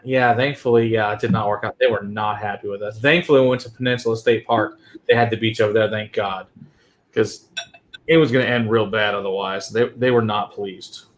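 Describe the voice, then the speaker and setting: Profane, animated man telling stories. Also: on the low side, fairly quick, a little hiss or hum. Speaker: whiskey show co-host. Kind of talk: casual chat.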